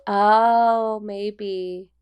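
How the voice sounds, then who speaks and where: A woman's voice: mid-range voice, fairly even intonation, very slow, dull audio, slight background noise. A woman co-hosting a podcast in casual chat. She talks in a giggly, rambling way with lots of fillers. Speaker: podcast co-host.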